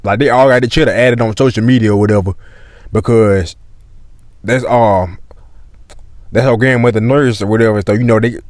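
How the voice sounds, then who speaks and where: A man's voice: on the low side, fairly even intonation, normal speed, pauses often, darkish tone, dry recording, studio quality. A young man telling a storytime vlog in casual, slang-heavy, profane talk that loops back and repeats itself.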